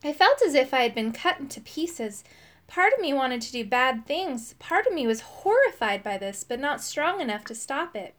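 Expressive woman reading a children's book. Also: sits high, normal speed. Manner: expressive, shifting into character voices for quoted lines. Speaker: audiobook reader.

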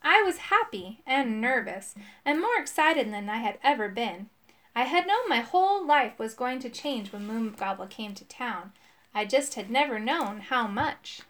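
A woman narrating a children's storybook aloud in a clear, steady way. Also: on the high side, unhurried. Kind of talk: audiobook storybook reading.

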